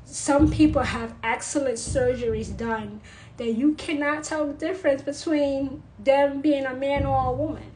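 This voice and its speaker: A woman's voice: high voice, fairly even intonation, measured pace, darkish tone, a little hiss or hum, poor audio. A woman vlogger giving an unscripted, blunt monologue, repeating her points for emphasis.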